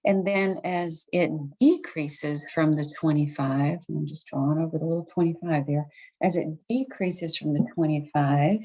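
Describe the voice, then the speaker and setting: A woman's voice: sits low, normal speed, warm tone, breathy edge, low-quality recording. A woman, teaching a recorded math lesson late at night, chatty and thinking aloud as she corrects herself.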